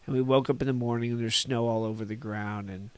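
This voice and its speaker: A man's voice: mid-range voice, fairly even intonation, quick pace, darkish tone, smooth, dry recording. A man in his sixties from Northern California, a podcast guest telling old stories in a rambling, folksy way and chuckling at his own tales. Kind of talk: casual reminiscing storytelling.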